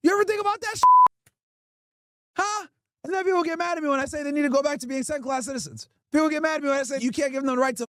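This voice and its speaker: A man's voice: very high voice, rapid-fire, sharp tone, dry recording, studio quality. A man streaming to his chat, ranting emphatically and mockingly with lots of rhetorical questions. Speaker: streamer and podcast host. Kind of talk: ranting commentary to a live chat.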